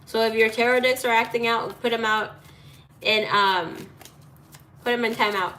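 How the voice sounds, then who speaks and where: A woman's voice: a little high, steady tone, moderate pace, sharp tone, slight background noise. A woman giving a casual tarot reading, talking in a chatty, playful way, laughing often and swearing now and then. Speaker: tarot reader.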